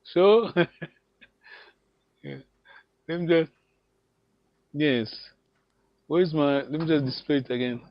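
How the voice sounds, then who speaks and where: Guy teaching a language class over a call, kinda high voice, dry dull audio, laughs a lot and repeats stuff. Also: slow pace, long pauses, no echo. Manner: encouraging, repeats words, laughs often. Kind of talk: online language lesson.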